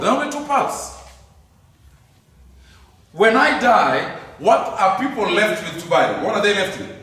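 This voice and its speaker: A man's voice: medium pitch, fairly bright tone. A man giving an emphatic Bible teaching lecture, asking his listeners many rhetorical questions. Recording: very echoey room, mic at a distance.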